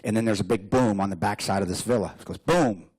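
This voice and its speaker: A man giving a lively storytelling speech as a guest speaker, joking and laughing often. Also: fairly low pitch, fast talker, slightly rough. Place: hotel banquet room.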